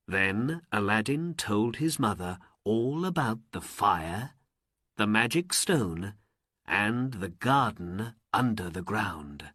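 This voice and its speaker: A male storyteller narrates a learners' story very slowly and deliberately, with a pitch that swings widely. His voice is breathy and close, with no room sound. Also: dry recording. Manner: very slow, deliberate, and expressive.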